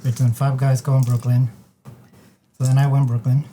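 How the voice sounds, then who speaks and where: A man with a very dark, mellow voice plays a board game with friends, talking his way through each move and counting out loud. A faint room hum sits behind him. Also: medium pitch, level tone, moderate pace. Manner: talks himself through moves, counting aloud. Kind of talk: casual tabletop game play.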